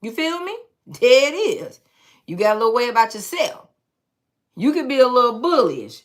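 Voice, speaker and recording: A woman's voice: a little high, very animated, normal speed. A woman giving a blunt, sassy tarot reading to her viewers, talking in a teasing, profane way. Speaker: tarot reader.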